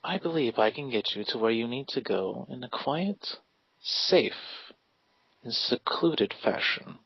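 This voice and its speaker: A man voicing a stiff, elegant gentleman in a sharp suit who speaks with formal, servile politeness. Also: mid-range voice, lively intonation, a little slow, creaky, husky, dry recording, exaggerated voice. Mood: courteous. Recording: dull, lo-fi sound.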